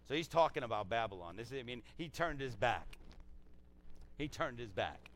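A man preaching a sermon in a conversational way, repeating phrases and swinging between loud exclaims and soft, low scripture reading. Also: animated, moderate pace, a little hiss or hum. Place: church service.

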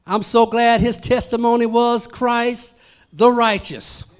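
A man preaching a sermon at a church service, swinging from hushed to loud, emphatic calls. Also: very high-pitched, steady tone, slow, clear, resonant tone.

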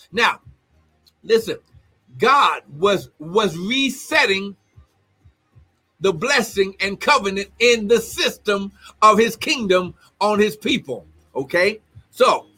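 High bright-voiced preacher, exclaiming. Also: male voice. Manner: exclaims and shouts often; reads scripture aloud and comments. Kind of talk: livestreamed sermon.

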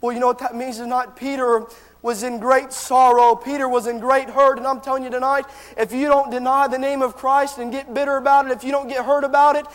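High-pitched fervent male preacher in a hall. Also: little pitch movement, a little fast. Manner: fervent, impassioned preaching to the congregation. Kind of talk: sermon.

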